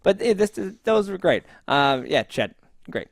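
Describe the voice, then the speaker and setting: A man with a high voice talks about an episode in casual chat. His pitch swings up and down a lot, and he chuckles while quoting characters. The recording is dry and close. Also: measured pace, gravelly, no room sound. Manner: lively, chuckling, quotes characters. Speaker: podcast co-host.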